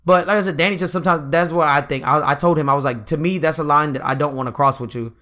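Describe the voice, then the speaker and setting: Fast-talking bright young man. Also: a little high. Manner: profane, slangy storytelling with quoted asides. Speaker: podcast co-host. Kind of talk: casual chat.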